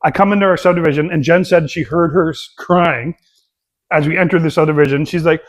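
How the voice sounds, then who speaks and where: Animated middle-aged man telling dad stories. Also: on the high side, a little fast. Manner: animated storyteller, frequent "uh" and "right?". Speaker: podcast co-host. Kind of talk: casual chat, storytelling.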